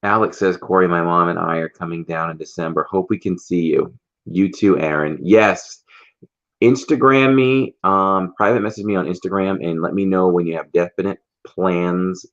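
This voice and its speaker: Low-voiced man hosting a livestream. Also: moderate pace, dull audio. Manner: reads out viewer comments and greets viewers by name. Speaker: livestream host. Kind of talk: casual livestream chat.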